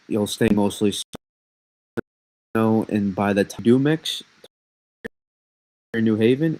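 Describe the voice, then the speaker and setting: Man, lowish voice, live stream weather talk, chatty, rambling, answers chat. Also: a little mellow, rough recording.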